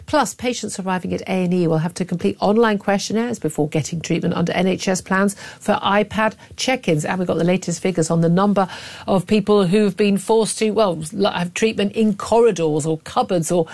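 Forceful talk radio hostess, gravelly. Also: female voice, medium pitch, brisk. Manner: forceful, emphatic, with frequent restarts. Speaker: radio talk show host. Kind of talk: opinionated talk radio monologue.

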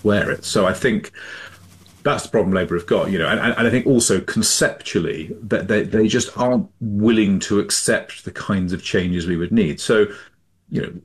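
A man speaks as a journalist guest on talk radio, earnest and repeating words as he builds his point. His voice is very deep and husky. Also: normal speed. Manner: earnest, stumbling repetitions. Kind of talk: radio interview commentary.

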